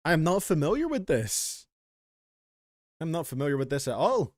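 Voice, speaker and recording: A man talking casually as a streamer reacts to music, his voice sitting a little high and swinging up and down with excitement. He thinks out loud and fills pauses with little "um"s. The sound is close and dry, with no room around it. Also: dry recording. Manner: animated, thinking aloud with fillers.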